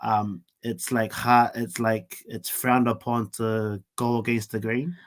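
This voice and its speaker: A man's voice: fairly low pitch, little pitch movement, slow. A man, a teacher guesting on a podcast, laid-back and joking with many fillers. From Samoan heritage, New Zealand. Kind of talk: casual chat.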